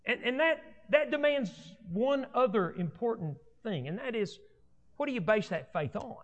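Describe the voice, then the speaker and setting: A high-voiced man preaches with swinging, lively pitch, stacking repeated phrases for emphasis. His voice rings through a church with a long reverb. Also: normal speed, highs cut off. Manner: animated, repetitive restarts, rising emphatic delivery. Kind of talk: sermon.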